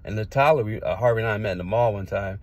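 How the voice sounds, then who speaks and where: A middle-aged man with a lowish voice talks fast, casually telling rambling personal stories and digressing from one anecdote to the next. The recording is dry.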